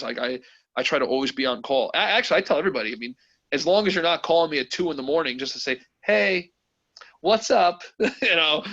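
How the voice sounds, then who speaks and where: A man, a company president, telling candid stories in an interview with animated, emotional delivery over a video call. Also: medium pitch, highs cut off. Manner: animated, emotional, quotes others with voices. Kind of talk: candid storytelling.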